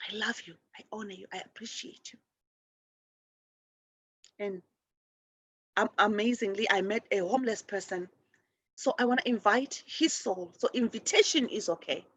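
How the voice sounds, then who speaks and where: Woman host, fairly high and airy, earnest spiritual sharing with many restarts. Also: breathy edge, dry recording. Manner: earnest, with frequent restarts and repeated words; addresses souls in soft loving affirmations. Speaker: show host. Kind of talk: spiritual forgiveness practice talk.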